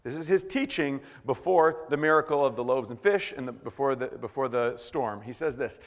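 A male pastor preaching a sermon, swinging from hushed, slow words to shouted bursts. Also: mid-range voice, long reverb tail.

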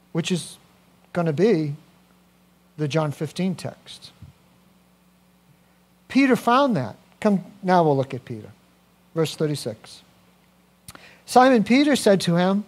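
A man preaching a sermon as a pastor, animated, swinging from quiet to loud with personal asides. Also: high-pitched.

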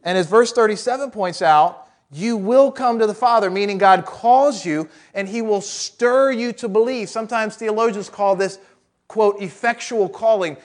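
Male pastor, high voice, chatty sermon with rhetorical questions and light jokes. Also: unhurried. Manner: conversational, with rhetorical questions and joking asides.

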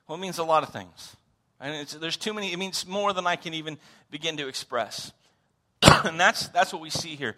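Bright-voiced pastor preaching. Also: male voice, fairly high pitch, moderate pace. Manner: conversational, asks the congregation questions, repeats words; animated, dramatic emphasis. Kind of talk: sermon. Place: church sanctuary.

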